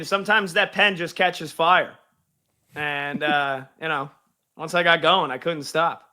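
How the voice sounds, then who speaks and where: A man's voice: a little high, pushed and bright, clean tone. A male radio host reading a pun-filled sports recap and then chatting casually as a guest. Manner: punchy, pun-laden delivery.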